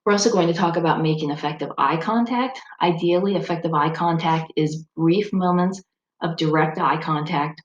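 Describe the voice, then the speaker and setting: This recorded lecture comes from a woman speech instructor with a low-pitched voice who speaks at a moderate pace. Her manner is conversational and explanatory, with an occasional um. The muffled recording carries a roomy echo and faint background noise.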